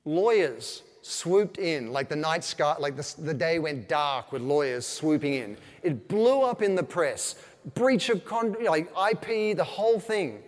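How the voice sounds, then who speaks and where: A man, a veteran marketer, giving an animated business talk to a live audience, telling stories with quoted asides. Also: fairly high pitch, a little slow. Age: older. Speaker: keynote speaker on marketing. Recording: long hall reverb.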